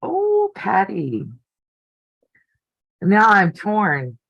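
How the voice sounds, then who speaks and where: A woman's voice: mid-range voice, huge pitch swings, drawn-out words, creaky, husky, dry recording, lo-fi sound. An older woman hosting a casual live stream from her home craft room, chatty and easily delighted. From United States. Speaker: quilting channel host.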